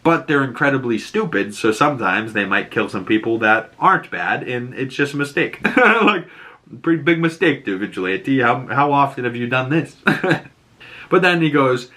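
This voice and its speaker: A man's voice: medium pitch, lively intonation, normal speed, pushed and bright. A man casually recapping a TV show, laughing often and swearing freely.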